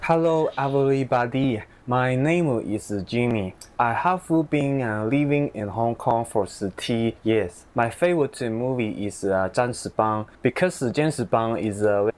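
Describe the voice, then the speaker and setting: A man putting on a halting Chinese-accented speaker. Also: mid-range voice, darkish tone, natural voice. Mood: mock earnest. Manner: slow, halting self-introduction.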